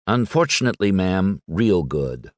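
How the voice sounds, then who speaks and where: A man's voice: low-pitched, big pitch swings, unhurried, dry recording, studio quality. A man voicing an earnest teenage schoolboy who speaks with confident certainty. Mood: answering. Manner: earnest and sure of himself.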